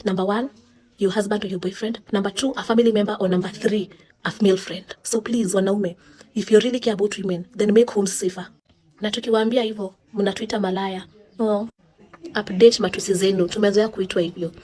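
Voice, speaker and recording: A woman's voice: medium pitch, steady tone, brisk, warm tone, slightly rough. Sarcastic Kenyan woman delivering a rant. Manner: sarcastic and indignant, mixing Swahili and English. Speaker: social commentator. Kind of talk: opinion monologue.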